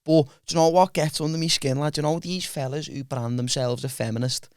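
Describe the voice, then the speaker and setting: A man's voice: on the high side, steady tone, brisk, a little mellow, no echo, clean studio sound. A man hosting a casual podcast chat, rambling and swearing, calling everyone "lad". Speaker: podcast host and stand-up comic.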